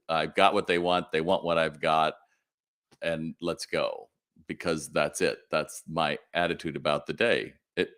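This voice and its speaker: A man's voice: a bass voice, fairly bright tone. A man hosting a live Q&A on retail, answering viewer questions in a direct, motivational way and acting out little quoted exchanges.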